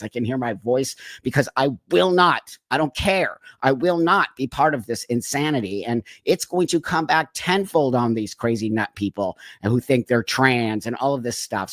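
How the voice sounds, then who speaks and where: A man's voice: medium pitch, a bit bright, no room sound. A man hosting his own channel, talking in a blunt, emphatic commentary monologue and repeating words when heated. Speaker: channel host. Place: Los Angeles.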